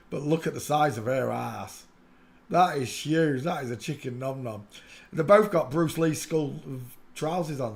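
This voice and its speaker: A man hosting a live stream, giving casual, mocking running commentary on pictures and greeting viewers by name. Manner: excitable, breaks into loud high laughter. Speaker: livestream host.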